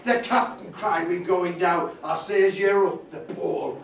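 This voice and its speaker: A man's voice: sits high, fairly even intonation, unhurried. An older man from England, singing old music hall songs and rattling through a comic story in dialect. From North East England. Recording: echoey room from far off.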